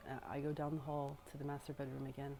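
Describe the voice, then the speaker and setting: A young woman recounting a personal story in a loose, halting way, swearing and circling back as she talks. Her voice sits low in pitch, with a dark, mellow tone. The delivery is casual and unscripted. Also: little pitch movement, vocal fry. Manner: rambling, halting, with frequent swearing.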